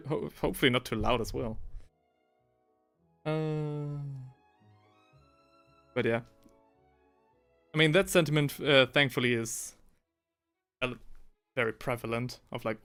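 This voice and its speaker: A man's voice: mid-range voice, fairly bright tone. A man in the middle of his voice range, chatting casually on a live hobby stream. He rambles and often restarts mid-sentence, reading viewer messages aloud, with faint music playing underneath. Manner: rambling, self-correcting, reads chat aloud. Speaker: livestream host painting miniatures. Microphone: headphones with desk mic.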